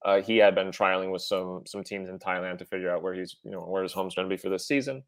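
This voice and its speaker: A man co-hosting a soccer podcast, talking in a halting, relaxed way with many fillers. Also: low-pitched, dry recording. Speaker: podcast co-host. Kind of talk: casual podcast chat.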